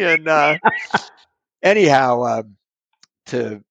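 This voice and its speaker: A man's voice: a little high, big pitch swings, measured pace, creaky, fairly bright tone, dry recording. A middle-aged man telling a personal story in conversation, meandering and self-deprecating with frequent restarts.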